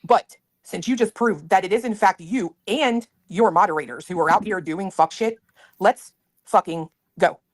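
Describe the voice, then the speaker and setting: A woman's voice: mid-range voice, normal speed, no room sound. Woman streamer, combative and foul-mouthed, dry close sound. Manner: confrontational, profane. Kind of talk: angry livestream callout.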